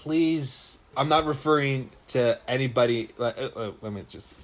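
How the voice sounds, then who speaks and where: A young man co-hosting a podcast in casual chat, jokey and animated, putting on voices when he quotes people. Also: mid-range voice, normal speed. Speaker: podcast co-host.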